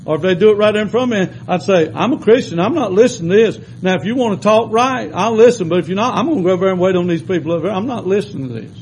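A man preaching a sermon in a folksy storytelling way, shifting between loud exhortation and quiet asides. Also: high voice, lively intonation, rapid-fire, few pauses, a little hiss or hum, low-quality recording.

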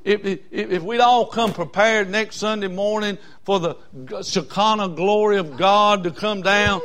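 A man, a preacher telling a folksy story in a sermon that builds from quiet asides to shouting. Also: sits high, steady tone, unhurried, clean tone.

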